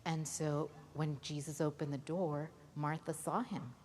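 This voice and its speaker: A woman telling a Bible story to children at a church holiday Bible school, lively and often asking the kids questions. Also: low-pitched, unhurried. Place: church hall. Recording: reverberant hall, faint noise.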